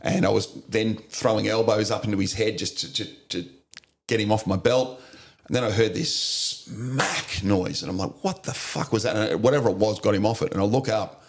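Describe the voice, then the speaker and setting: Appearing as a podcast guest, a middle-aged Australian who served in the army, navy and police recounts his war experiences in a casual interview. His voice is on the low side and moves at a moderate pace, and he's blunt, swears plenty and keeps bursting into laughter.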